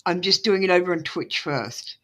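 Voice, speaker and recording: A woman's voice: lowish voice, expressive, normal speed. An Australian woman on a live stream giving tarot readings, talking in a rambling, apologetic way with lots of ums. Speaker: tarot reader. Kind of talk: casual live-stream chat.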